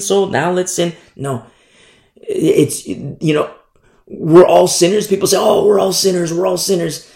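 This sermon comes from a male pastor whose highish, gravelly voice fills a roomy space. He's emphatic, repeats key phrases, and swings from loud declarations to hushed asides.

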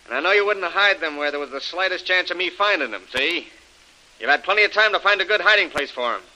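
A man's voice: high-pitched, animated, fast, pushed and bright, heavily acted, rough recording. A menacing tough-guy villain. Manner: tough-guy drawl, threatening. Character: menacing male villain with a bullwhip. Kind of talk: 1940s radio acting.

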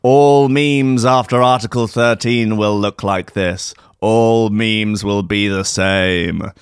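A doom-laden ghost slowly intones its warnings in a lowered voice, as a man puts it on. The delivery is measured and heavy, and the recording is close and dry. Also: fairly even intonation, clear, resonant tone, no room sound. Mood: ominous. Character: ghost of future memes, ominous, warning.

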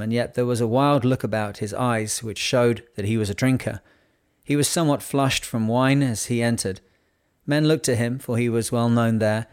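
A man narrating a novel in a measured, unhurried reading voice. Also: mid-range voice, a little mellow, clean tone. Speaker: audiobook narrator. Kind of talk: scripted narration.

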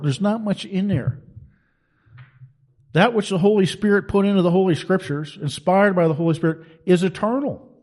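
A man's voice: high-pitched, mellow. A man preaching a sermon in an emphatic, colloquial storytelling manner.

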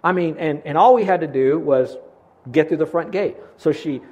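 An older man preaching a sermon as a pastor, telling stories with lively swings between loud and hushed delivery and stumbling over repeated words when excited. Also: a little high, normal speed, highs cut off.

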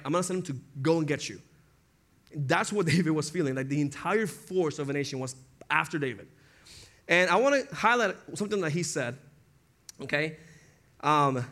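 A man's voice: on the high side, fairly bright tone. A young man preaching a casual sermon, talking conversationally, acting out quotes and laughing often.

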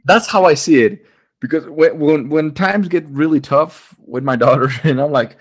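Young dad on a casual podcast, husky and dry, profane, tells stories with a laugh. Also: male voice, fairly high pitch, normal speed, no room sound. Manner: profane, animated storytelling with laughter. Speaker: podcast co-host, father of a baby daughter. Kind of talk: casual chat.

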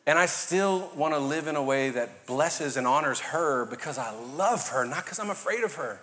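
A pastor preaching a sermon with passion and jokes, swinging between loud fired-up bursts and hushed, quiet lines. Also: male voice, a little high, expressive, moderate pace. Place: large church hall. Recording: reverberant live church hall.

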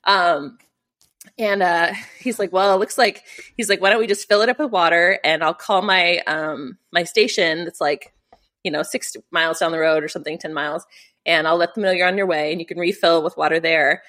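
A middle-aged woman telling a rally story in an interview, animated and full of fillers, acting out the people she quotes. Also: lowish voice, normal speed. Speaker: rally competitor.

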